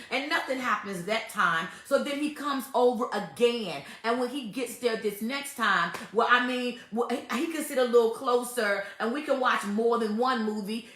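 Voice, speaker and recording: A fairly bright, higher-pitched female voice rings out in a reverberant space. Hosting a laid-back faith-based conversation about relationships, she hammers her points home repetitively and emphatically, often breaking into laughter.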